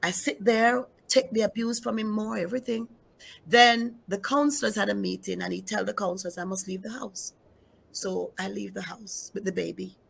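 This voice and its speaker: Gravelly, husky woman pastor giving testimony. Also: medium pitch, normal speed. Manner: emphatic, repeats key phrases, speaks straight to the audience. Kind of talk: emotional personal testimony in an interview.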